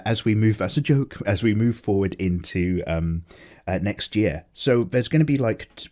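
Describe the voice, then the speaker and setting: A man's voice: lowish voice, dark tone. A tired man rambling casually and jokily as the host of an unedited chat. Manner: loose, chatty, jokey, many fillers. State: tired, low energy. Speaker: artist and channel host.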